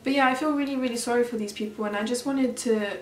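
A woman's voice: on the high side, fast, a little hiss or hum. A young woman from Mauritius telling a personal story for her vlog in a chatty, earnest way. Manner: chatty, earnest, heavy use of "like". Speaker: vlogger. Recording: roomy sound, mic at a distance.

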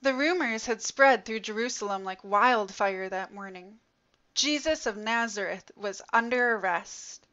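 A woman narrating a story in an expressive, dramatic reading style. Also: medium pitch, measured pace. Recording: dull lo-fi recording.

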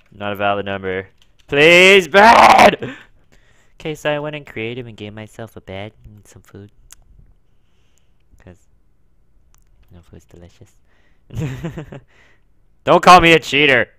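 A man's voice: fairly low pitch, fairly bright tone, clear, resonant tone, dry recording. Young man rambling over a game. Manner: rambling, frequent swearing at lag and jumpy outbursts. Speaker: gaming video creator. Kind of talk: casual let's play commentary.

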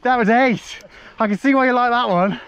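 Excitable man on a helmet cam. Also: very high-pitched, moderate pace. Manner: exclaiming and laughing, breathless bursts. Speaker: mountain biker filming his ride. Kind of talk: excited ride commentary. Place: outdoors on a wooded hill trail. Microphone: helmet camera. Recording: muffled helmet-cam audio with wind and trail noise.

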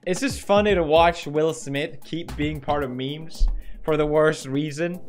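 A man's voice: a little high, steady tone, a little slow, soft background music. A young man hosting a comedic meme-reaction show, exclaiming, laughing and mock-outraged as he reacts. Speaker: host.

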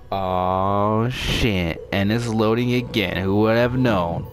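A man's voice: fairly low pitch, slow pace. A young man giving loose, profane running commentary as he plays a video game, talking to his viewers. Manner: loose, profane, reacting out loud with laughs. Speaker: gaming YouTuber. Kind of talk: casual gameplay commentary. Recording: game music under voice. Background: game music.

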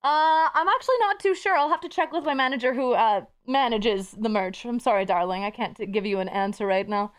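High-voiced woman streamer, playful and swearing. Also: brisk, hardly any pauses, clean tone. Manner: playful, swears freely, coos baby talk to viewers. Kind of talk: casual live-stream chat.

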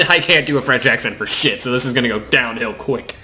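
A man's voice: medium pitch, brisk, pushed and bright. A man giving sarcastic, profane, rambling commentary while playing through a game. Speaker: gaming commentator. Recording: game music behind.

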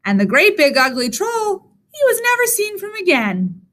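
A woman's voice: very high voice, big pitch swings, normal speed, a bit bright. A woman reading a children's story aloud expressively and inviting the listeners to join in the sounds.

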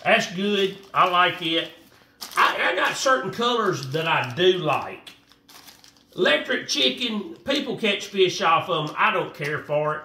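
A man with a drawl talks fishing gear in a loose, rambling way, his pitch leaping up and down as he goes. His voice is bright and high for a man. It sounds roomy and slightly off-mic, with faint noise behind. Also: measured pace, recorded from a distance. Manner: rambling, animated, talks to viewers as y'all. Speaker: fishing vlogger. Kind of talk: casual how-to vlog.

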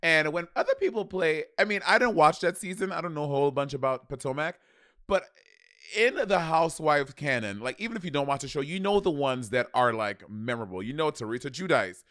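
A man's voice: a little high, animated, a little fast, a bit bright, dry recording, clean studio sound. A man co-hosting a casual podcast review of a TV show, blunt and salty, laughing often. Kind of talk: casual chat.

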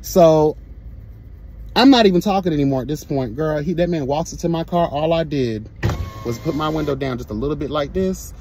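A man telling a story in a sassy, profane, animated storytime rant. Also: a little high, brisk, background noise. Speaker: vlogger.

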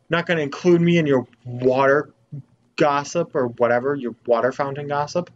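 A man's voice: on the high side, normal speed, muffled recording. A young man giving let's play commentary in a playful, jokey, mock-exasperated way. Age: young adult. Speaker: gamer.

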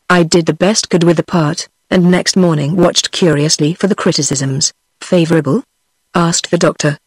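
A text-to-speech woman's voice with a British English accent, reading a novel aloud in a steady, even manner that gives every character the same voice. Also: fairly low pitch, breathy edge, no room sound. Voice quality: synthetic, even computer voice. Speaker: audiobook narrator.

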